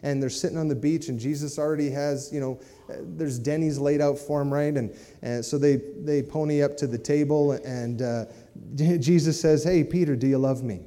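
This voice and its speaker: A man's voice: a little high, fairly even intonation, moderate pace, dark tone. A man preaching a sermon in a conversational way, often checking in with his listeners by asking "right?" and "amen?". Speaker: pastor. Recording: long hall reverb.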